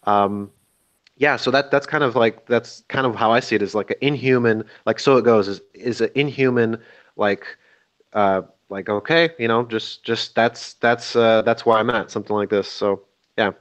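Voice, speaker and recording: A man's voice: mid-range voice, fairly even intonation, normal speed. A man joins a book club call over slightly muffled, dull audio. He speaks hesitantly, circling his point with frequent restarts. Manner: hesitant, many fillers and restarts. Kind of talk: casual group discussion.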